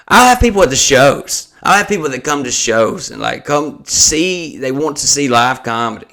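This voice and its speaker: A man's voice: mid-range voice, animated, moderate pace, sharp tone. A man, a stand-up comedian hosting a podcast, ranting in a profane, exasperated casual chat.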